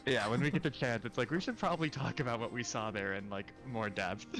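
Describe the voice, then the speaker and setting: A man's voice: mid-range voice, a little fast, music in the background. A man playing a tabletop game, chatting casually, chuckling and trailing off as he thinks. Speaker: player. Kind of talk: casual chat.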